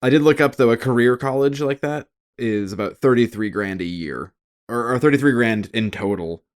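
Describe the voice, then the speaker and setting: A man co-hosting a casual podcast, animated and laughing as he quotes lines from a show. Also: mid-range voice, normal speed. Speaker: podcast co-host.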